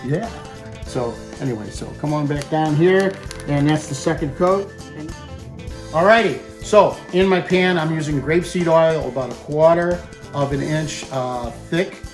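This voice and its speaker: A man's voice: fairly high pitch, unhurried, music in the background. A man hosting a cooking show, chatting casually to the viewer as he demonstrates a recipe and drops in Italian food words.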